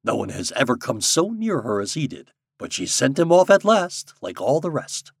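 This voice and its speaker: A man voicing a hearty, bossy older gentleman who teases and boasts loudly. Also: very animated, normal speed, gravelly, husky, no echo, clean studio sound, full character voice. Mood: jovial. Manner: booming, boastful, teasing.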